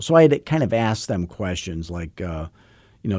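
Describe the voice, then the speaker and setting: A man's voice: low voice, big pitch swings, measured pace, a little mellow, no room sound. A man coaching real estate agents on a podcast, chatting through stories with frequent repeats and restarts. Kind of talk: podcast monologue with anecdotes.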